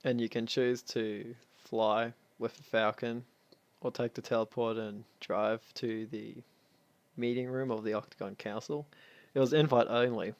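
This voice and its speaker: Brief: male storyteller, gravelly low-key delivery, dry close sound, rambling and offhand. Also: fairly even intonation, measured pace, no echo. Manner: rambling, offhand, chuckles while telling. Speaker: clan founder recounting history. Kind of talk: casual spoken storytelling.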